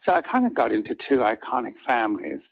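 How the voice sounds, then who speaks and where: An older man with a husky voice, a soap opera actor telling rambling anecdotes in an interview and acting out what others said. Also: mid-range voice, very animated, fast, narrow, tinny audio. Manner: rambling, acts out quoted lines of others.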